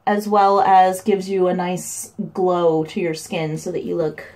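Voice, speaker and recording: A woman's voice: steady tone, slow pace, darkish tone. Chatty young woman doing a makeup tutorial. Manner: chatty, breaks into high sing-song baby talk. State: winded from running up stairs. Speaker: makeup vlogger. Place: home.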